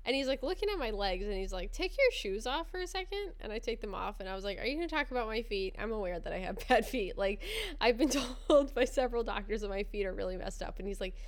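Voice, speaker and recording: A woman's voice: medium pitch, animated, quick pace. A young adult woman telling a funny story in casual podcast chat, laughing often and acting out the people she quotes. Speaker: podcast co-host.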